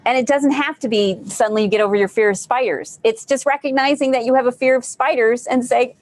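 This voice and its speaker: A woman's voice: fairly high pitch, normal speed. A woman hosting a live online group session, talking casually and encouragingly, repeating phrases for emphasis. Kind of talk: casual live-stream talk.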